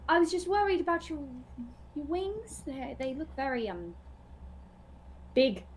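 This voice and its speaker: A woman's voice: high voice, big pitch swings, unhurried, a little mellow, a little hiss or hum. A woman voicing a kind, fretful young woman adventurer who stammers while checking on someone. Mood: flustered, caring. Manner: caring and flustered, stammers.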